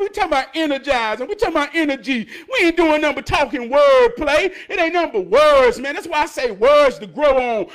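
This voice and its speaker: A motivational speaker delivers an emotional monologue at an extremely high pitch, fervent and preachy. He curses and laughs, swinging between loud outbursts and hushed talk.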